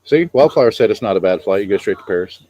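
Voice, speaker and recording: A man's voice: fairly low pitch, expressive, fast talker, crowd noise. A middle-aged man co-hosting a casual chat, rambling about travel with many fillers. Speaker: co-host.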